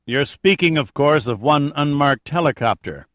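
A man's voice: on the high side, animated, normal speed, fairly bright tone, dry recording, dull audio, voice pushed up. A man voicing a cool, sardonic tough-guy hero who answers threats with cold wisecracks. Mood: dry sarcastic.

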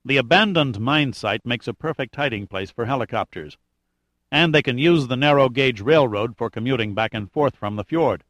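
A man's voice: mid-range voice, expressive, moderate pace, fairly bright tone, dry recording, lightly acted. A man reading an audiobook, voicing a cool-headed adult male leader who speaks tersely with dry wit. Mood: low, terse.

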